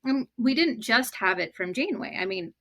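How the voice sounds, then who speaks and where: A woman's voice: fairly high pitch, expressive, moderate pace, a bit bright. A woman in her thirties chatting in an earnest, reflective way. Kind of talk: casual chat.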